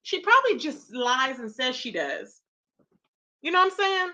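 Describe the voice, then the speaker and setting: A woman's voice: high voice, very animated, moderate pace, sharp tone, dull audio. A woman hosting a casual gossip livestream, reading chat and reacting with lots of exclamations. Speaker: livestream host.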